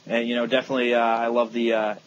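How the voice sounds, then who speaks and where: A man's voice: mid-range voice, completely flat delivery, fast, lo-fi sound, a little hiss or hum. A young man co-hosting a casual gaming podcast, rambling with lots of fillers and teasing his friends. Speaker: podcast co-host.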